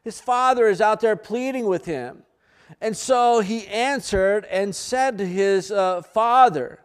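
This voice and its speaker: A man's voice: high voice, slow pace, clean tone. A man preaching a sermon, reading scripture aloud and adding earnest, plain-spoken asides.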